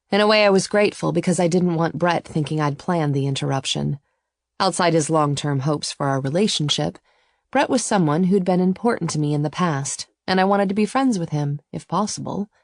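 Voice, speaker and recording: Low-voiced woman reading a romance audiobook, close dry mic, even and intimate. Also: no echo. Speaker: audiobook narrator. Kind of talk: first-person romance narration.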